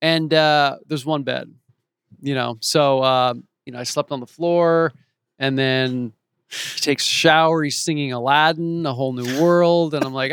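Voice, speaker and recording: A man in his forties, an actor and author, telling stories as an interview guest, animated and acting out the voices of the people he quotes. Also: on the high side, a little slow, clean tone. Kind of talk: casual storytelling in an interview. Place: home in Los Angeles.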